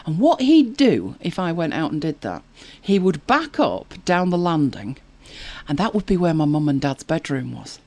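Lively chatty woman host. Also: sits low, normal speed, no room sound. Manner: chatty, anecdotal, laughs often. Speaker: podcast host. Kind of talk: casual chat reading viewer comments.

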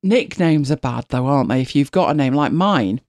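Co-host, middle-aged woman; animated, laughs easily, very expressive pitch. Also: moderate pace, no room sound, studio quality. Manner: chatty, laughs often, animated storytelling. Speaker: podcast co-host. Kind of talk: casual chat.

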